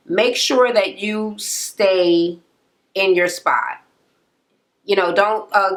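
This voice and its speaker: A woman ranting in a casual recap of a reality show, blunt, profane and mocking. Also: mid-range voice. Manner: exasperated, animated.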